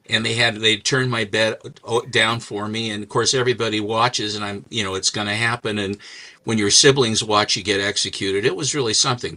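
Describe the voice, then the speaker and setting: Older guy rambling on about old comics, super bright voice, jokey. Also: mid-range voice. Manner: rambling storyteller, chatty and joking. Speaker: host. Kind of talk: casual chat showing comics.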